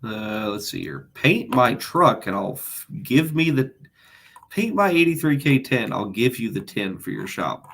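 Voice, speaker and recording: Brief: man, laid-back livestream host, deadpan answers, animated pitch, mid-range voice. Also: a little slow, vocal fry. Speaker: host answering viewer questions. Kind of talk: casual livestream Q&A.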